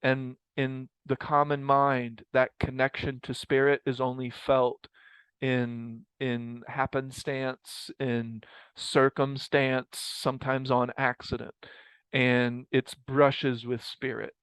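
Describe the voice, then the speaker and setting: Slow and level, this mindfulness teacher's mid-range voice sounds slightly bright and smooth as he guides a casual group study session. He rambles reflectively, often correcting himself, on a recording with no echo but poor audio.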